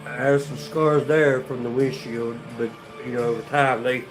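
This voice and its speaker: A man's voice: medium pitch, fairly even intonation, normal speed, music in the background. A man with a North Carolina accent telling his life story on a casual livestream, rambling and profane, with many restarts and fillers. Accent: North Carolina Southern.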